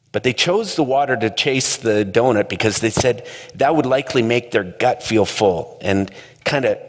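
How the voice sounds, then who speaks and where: A man telling a story in a conversational, animated way during a talk. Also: medium pitch. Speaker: speaker. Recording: long hall reverb.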